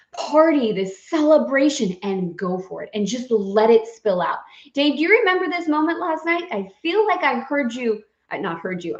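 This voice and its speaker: A woman's voice: fairly high pitch, muffled recording. Playful woman leading affirmations in a roomy space. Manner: playful, effusive, laughing often. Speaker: spiritual course guide. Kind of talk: live guided affirmation session.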